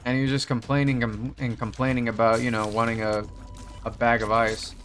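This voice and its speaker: A man's voice: medium pitch, flat delivery, fairly quick, fairly bright tone. A young man casually telling a story while playing a game, rambling, swearing often and laughing. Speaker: gaming video host. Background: faint game music.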